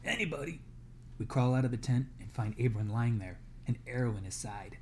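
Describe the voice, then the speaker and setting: A man's voice: mid-range voice, fairly even intonation, a little fast, warm tone, slight background noise. A man reading a novel aloud to a class as a guest reader, dramatic and dropping to a whisper in tense moments.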